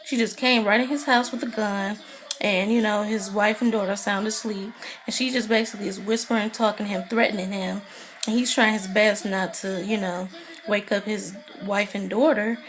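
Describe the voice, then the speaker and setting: A woman casually recapping a TV drama episode in a chatty, animated way, acting out the characters' lines. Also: mid-range voice, normal speed, a little hiss or hum. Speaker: TV recap vlogger.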